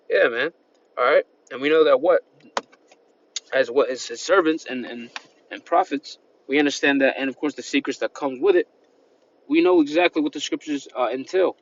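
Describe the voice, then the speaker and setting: A street-style preacher with a fairly high voice delivers an informal sermon at a moderate pace, reading scripture along the way. His delivery is loose, rambling and repetitive, sprinkled with "man" and "all right," and the home-recorded audio sounds dull.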